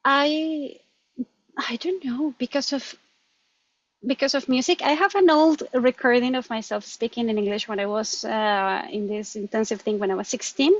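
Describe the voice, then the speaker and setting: Woman, Colombian accent, Spanish native speaker, animated interview chat, slightly high pitch, dull lo-fi sound. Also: moderate pace. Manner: animated, laughs often, restarts words. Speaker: guest. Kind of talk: conversational interview.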